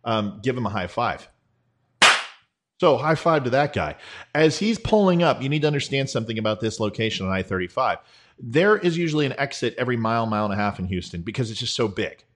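A man's voice: mid-range voice, very animated, fast. A middle-aged man giving sarcastic, rambling commentary over photos, talking to his viewers as folks.

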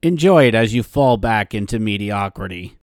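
A man's voice: lowish voice, animated, moderate pace. A man hosting a solo sports podcast, mocking and ranting, rising into exasperated outbursts. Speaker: podcast host. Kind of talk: sarcastic solo sports commentary.

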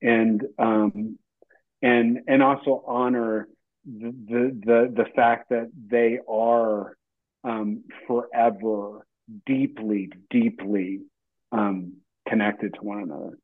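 A man, an actor guest, speaking in a halting, reflective way full of fillers during a casual interview chat, heard over a tinny line. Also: lowish voice, fairly even intonation.

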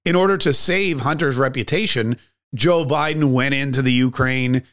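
A man's voice: medium pitch, normal speed, a bit bright. A man hosting a podcast, giving a sarcastic, conversational political commentary monologue. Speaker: podcast host.

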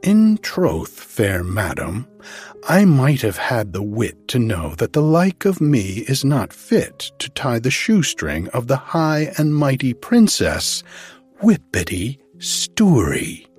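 A man's voice: mid-range voice, huge pitch swings, slow pace, a little mellow, breathy edge, soft background music, voice pushed up, heavily acted. A man doing a pleading young housewife. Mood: mocking. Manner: pleading, mock-humble. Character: young mother pleading, then defiant.

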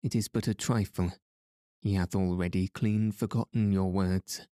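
A man reading as a calm old lord. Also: low voice, moderate pace, no echo, clean studio sound, close to an everyday voice. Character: calm older nobleman, lord guardian.

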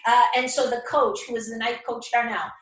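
A woman guest in a casual interview, an animated storyteller who laughs often. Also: a little high, fairly quick. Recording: roomy echo.

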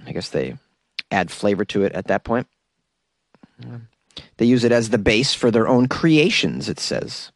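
A man's voice: on the low side, gravelly, no echo, studio quality. A man hosting a casual solo podcast, chatty and jokey and rambling, who often laughs at his own jokes. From New York. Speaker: podcast host.

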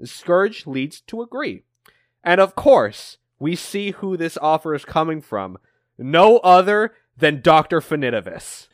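A man co-hosting a podcast, recapping comic issues in an animated, casual way with plenty of swearing. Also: on the high side, unhurried, dry recording, studio quality. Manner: animated storytelling with frequent swearing. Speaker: podcast co-host.

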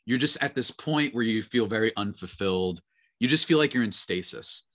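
This podcast co-host is animated, his lowish voice a bit bright at a moderate pace. His casual, rambling chat is thick with fillers, recorded cleanly in a studio with no echo.

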